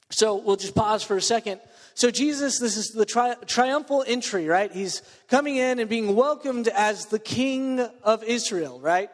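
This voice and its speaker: A man's voice: sits high, a little slow, long reverb tail. A man preaching a sermon to his church, telling a story with lots of fillers and asides. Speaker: pastor.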